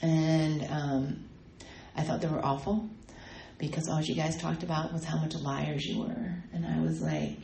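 A woman shares her recovery story in a halting way, stopping often for ums and fresh starts. Her voice sits low and warm, and it rings in an echoey room over faint background ambience. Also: level tone, vocal fry, a little hiss or hum. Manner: halting, many ums and restarts. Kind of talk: personal testimony talk.

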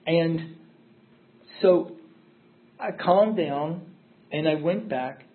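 A man's voice: a little high, very slow. A middle-aged man telling his recovery story at a meeting, candid and emphatic, circling back on repeated phrases. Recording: tinny phone-like audio.

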